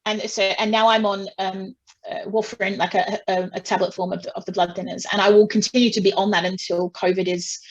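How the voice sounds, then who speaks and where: A woman speaks in a loose, chatty way, at a middling pitch, with many restarts and asides. She tells her story at length and briefly acts out the people in it. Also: little pitch movement, normal speed, rough recording. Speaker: singer being interviewed. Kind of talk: casual interview talk.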